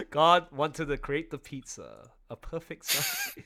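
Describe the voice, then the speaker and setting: A man hosting a casual group voice chat, animated and laughing often. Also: fairly high pitch, slow pace. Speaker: server host and game master.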